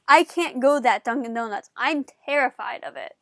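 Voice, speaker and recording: Vlogger woman, high bright voice, animated chatty storytelling, dry close sound. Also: moderate pace, no echo. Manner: animated, chatty, many "like" fillers. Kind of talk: casual storytelling to camera.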